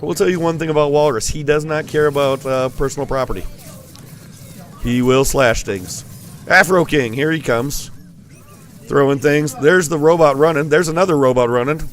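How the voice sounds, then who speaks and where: A man's voice: a little high, moderate pace, slight background noise. A man giving rambling, playful live commentary on a school esports match. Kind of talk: joking live game commentary.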